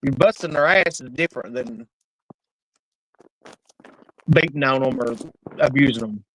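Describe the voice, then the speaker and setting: A middle-aged woman telling stories in casual chat, animated and laughing, with plenty of cursing. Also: very deep voice, measured pace, noisy background. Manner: animated, laughing, profane storyteller.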